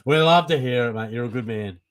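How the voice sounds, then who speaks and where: A young Australian man hosting a casual live Q&A for a fantasy football stream, chatty and relaxed, calling everyone mate. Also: mid-range voice, brisk, clean tone. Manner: laid-back and chatty, calls everyone mate. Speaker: fantasy football livestream host. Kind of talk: casual live Q&A, reading chat questions.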